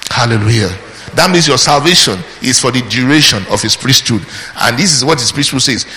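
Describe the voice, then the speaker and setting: A man's voice: medium pitch, expressive, fairly quick, sharp tone. A man preaching a sermon, emphatic, asking the congregation questions, answering them himself, and calling out praise between points. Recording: long hall reverb with faint background noise.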